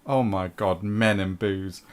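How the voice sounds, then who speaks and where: A man voicing a dry, exasperated young female wizard in a tabletop game, in his own low voice. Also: steady tone, slow.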